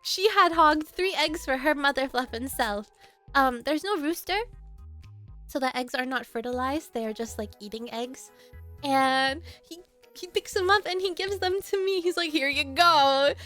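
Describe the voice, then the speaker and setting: A woman streamer telling a story casually to her chat, animated and laughing often. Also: high-pitched, normal speed, faint music behind.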